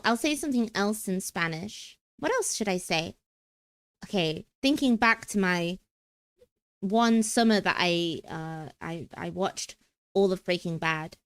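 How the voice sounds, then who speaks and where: A woman's voice: medium pitch, fairly bright tone, smooth, dry recording. A young British woman chatting playfully on a live stream, with frequent giggles and stumbling restarts. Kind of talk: casual stream chat.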